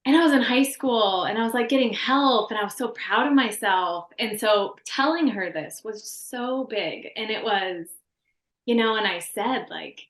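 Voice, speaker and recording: A woman's voice: on the high side, normal speed, reverberant. A woman in her thirties earnestly sharing a personal story as a podcast guest, rambling with many restarts.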